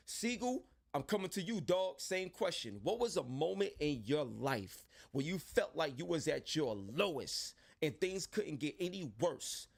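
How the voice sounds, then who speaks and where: A man hosting an interview in a fairly high voice. He talks with casual street energy, calling his guests bro and pushing the conversation forward. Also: creaky. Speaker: host.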